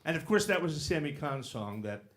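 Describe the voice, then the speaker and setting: A man's voice: on the high side, very animated, brisk, a bit bright. A man singing a jazz standard as guest on a live cabaret show, then chatting playfully as co-host. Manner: playful, rambling, self-deprecating. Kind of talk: cabaret singing and casual chat.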